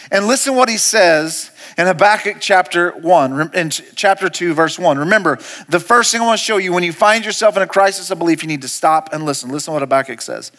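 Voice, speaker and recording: A male pastor preaching a sermon. He speaks straight to the congregation, moving from hushed, slow lines to loud, repeated commands. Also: high voice. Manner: speaks to the congregation directly, asking questions and calling out to them.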